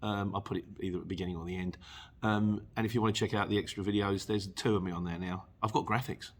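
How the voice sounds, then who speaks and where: A man's voice: lowish voice, steady tone, fast, slight background noise. A middle-aged man, hosting a casual Q&A and chatting jokily through viewer comments. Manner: chatty and jokey, chuckles often. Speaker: channel host answering viewer questions.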